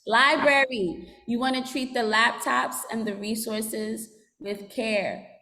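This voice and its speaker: A school social worker talking students through behavior expectations in a teacherly way, asking them to repeat phrases and write in journals. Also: female voice, a little high, steady tone, slow, sharp tone, in a large hall. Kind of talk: school assembly talk to students.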